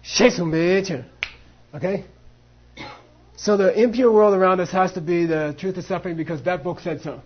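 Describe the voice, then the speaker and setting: A husky, high-pitched man leads a class, acting out both sides of a debate and dropping in Tibetan phrases. The recording sounds dull and lo-fi. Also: moderate pace. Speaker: Buddhist philosophy teacher. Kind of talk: teaching a class on monastic debate.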